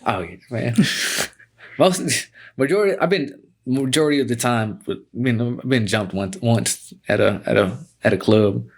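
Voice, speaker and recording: A young man in his twenties talks loosely through a story, relaxed and profane, with a middle-pitched voice. He fills his sentences with "man" and restarts them as the story rolls on. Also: normal speed. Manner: laid-back, profane, says "man" a lot. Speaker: podcast guest, fighter. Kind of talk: casual storytelling.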